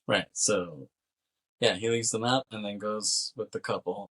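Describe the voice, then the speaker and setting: A man's voice: fairly low pitch, unhurried, a bit bright, breathy edge. A man co-hosting a podcast, casually retelling a film's plot and acting out the characters' lines with laughs and swearing. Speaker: podcast co-host. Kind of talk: casual movie recap chat.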